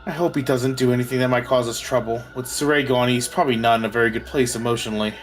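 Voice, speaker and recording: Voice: medium pitch, steady tone, quick pace, faint music behind. A co-streamer reading a visual novel aloud and joking in easygoing chat.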